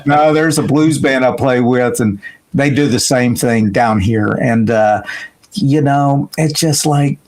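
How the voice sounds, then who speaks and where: A man's voice: medium pitch, slow pace, darkish tone. A man who is a guest saxophonist, chatting casually in a laid-back, drawling way. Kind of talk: casual interview chat.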